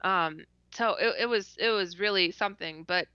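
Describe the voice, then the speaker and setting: Her voice is mid-range, pushed, bright, and clean, moving at a normal speed in a dry recording, though it reaches us through dull lo-fi call audio. She's a podcast guest telling a story animatedly in a casual interview. Along the way she laughs frequently, stutters, and acts out her reactions.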